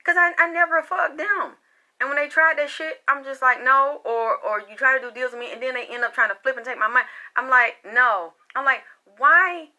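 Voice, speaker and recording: A spiritual reader and vlogger delivers an unscripted rant straight to camera in a high-pitched, brisk voice. Loud and exasperated, she's heated, profane, and confrontational toward her viewers.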